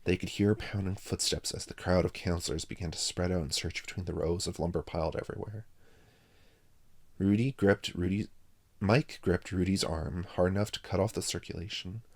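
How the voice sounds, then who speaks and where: A man reading a children's novel aloud, narrating with a gravelly voice. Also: low voice, fairly even intonation, moderate pace. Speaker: reader.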